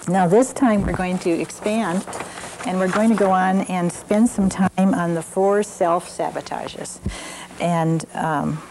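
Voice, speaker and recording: A woman's voice: fairly low pitch, slow pace, slight background noise, low-quality recording. Older woman teaching a parenting class. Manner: warm storytelling with examples, frequent fillers. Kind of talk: evening parenting class talk.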